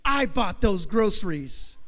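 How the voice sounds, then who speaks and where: Smug, mocking atheist neighbor guy, high-voiced, played by a male preacher. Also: very animated, takes it slowly, bright, forceful tone, exaggerated voice. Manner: mocking, triumphant. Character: irritated atheist neighbor man. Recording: long hall reverb.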